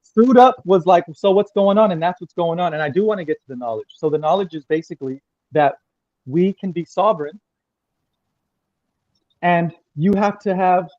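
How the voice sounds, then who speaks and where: Excitable guest, high voice, restless and profane, dull lo-fi sound. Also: male voice, moderate pace, pauses often, no room sound. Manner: rambling, agitated, profane, repeats himself. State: crying. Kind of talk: emotional livestream interview.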